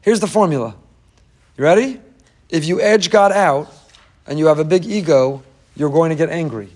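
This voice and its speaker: Guy preaching a torah class, kinda high voice, hammers the same lines over and over, cracks little jokes. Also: normal speed, a little mellow. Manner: emphatic, repeats key phrases, joking asides. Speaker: rabbi teaching a class. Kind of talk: lively Torah lecture.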